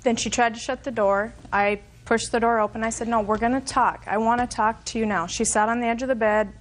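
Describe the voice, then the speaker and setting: A woman's voice: fairly high pitch, fairly even intonation, brisk. A woman testifying as plaintiff in a TV courtroom, matter-of-fact and defensive.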